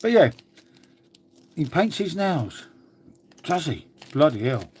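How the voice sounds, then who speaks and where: A man's voice: fairly high pitch, big pitch swings, takes it slowly, darkish tone, husky. An English man chatting casually on a live stream, answering viewer comments in a laid-back way and calling everyone mate.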